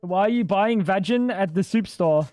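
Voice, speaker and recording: A man's voice: high voice, normal speed, a little mellow, no echo, soft background music. A young man livestreaming a game, bantering with his chat in a joking, profane way. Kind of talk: casual gaming livestream chat.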